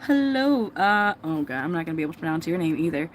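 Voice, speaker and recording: A woman's voice: deep voice, sing-song, fast. Chatty American woman streaming outdoors on a noisy phone. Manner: chatty, laughs often, baby-talks to her cats. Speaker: live streamer. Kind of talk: casual live-stream chat. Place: outdoor cat enclosure.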